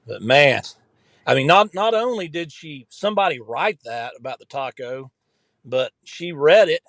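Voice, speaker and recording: Guest, man, late fifties, slightly high voice, jokey and halting, dry close recording. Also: expressive, a bit bright, dry recording. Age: 50s. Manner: joking, laughs often, halting restarts. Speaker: guest commentator. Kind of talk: casual political chat.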